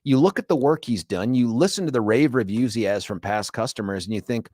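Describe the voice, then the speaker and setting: A middle-aged man hosts a radio talk show, trading jokes and stories with lively energy. His voice sits at an everyday pitch. The studio sound is close and dry. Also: brisk, few pauses, no room sound. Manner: jokey, animated storytelling with laughs. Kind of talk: casual radio chat. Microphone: studio microphone.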